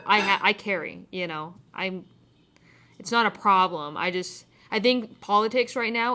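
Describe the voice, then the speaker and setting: A woman's voice: mid-range voice, pushed and bright. A woman hosting a casual livestream outdoors on a windy day, answering viewer chat in a loose, rambling and profane way, with many restarts, speaking close into a phone mic.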